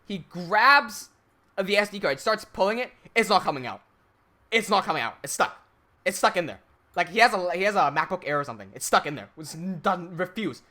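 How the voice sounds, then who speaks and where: A filmmaker telling a story to camera in an animated way, swearing heavily and trailing off quietly at times. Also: male voice, high-pitched, brisk. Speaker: filmmaker and channel host.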